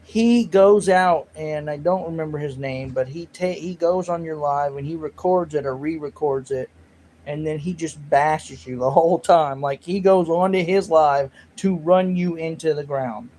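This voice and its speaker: Guy rambling on his livestream, kinda high voice, bit of hiss behind him. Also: moderate pace, mellow, low-quality recording. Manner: rambling, self-mocking, reads chat aloud. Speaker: livestream host. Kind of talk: casual livestream chat.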